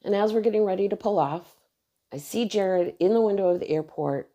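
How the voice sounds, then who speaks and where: Woman in her 30s, emotional storytelling vlog, bit of vocal fry. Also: mid-range voice, brisk. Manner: earnest, emotional retelling, quoting others softly. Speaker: vlogger telling her own story. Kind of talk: personal storytelling.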